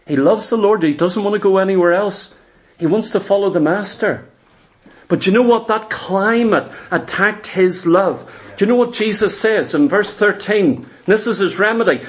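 A man delivering a sermon in a notably high voice. He preaches fervently and emphatically, hammering points home with repetition. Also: normal speed. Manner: fervent, emphatic, repeats for stress.

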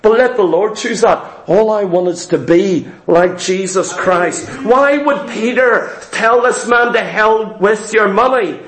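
A male preacher giving an emphatic sermon in church, repeating key phrases and slowing down to stress them. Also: high voice, a bit bright, roomy sound, poor audio.

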